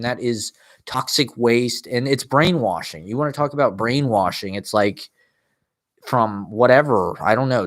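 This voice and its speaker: A man's voice: medium pitch, fairly bright tone. Podcast host, male, thirties, casual storytelling, profane and rambling, laughs a lot.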